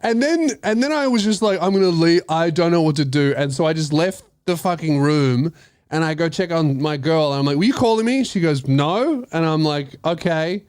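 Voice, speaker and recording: Animated high-voiced man telling a story. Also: normal speed, smooth, no room sound. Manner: animated, swearing, laughing, acting out voices. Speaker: comedian host telling a story. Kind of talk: casual podcast storytelling.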